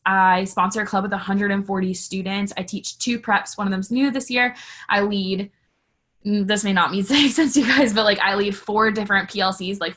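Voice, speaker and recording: A woman's voice: medium pitch, fairly bright tone. A woman in her twenties, a teacher and coach, talking candidly on a video call with lots of fillers. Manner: chatty, filler-heavy, candid. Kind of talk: casual team call presentation.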